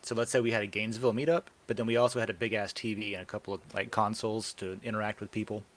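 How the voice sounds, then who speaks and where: Man, low voice, casual host, rambling with lots of ums. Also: steady tone, racing. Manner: rambling, brainstorming aloud with many fillers. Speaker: podcast host. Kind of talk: casual live-stream chat.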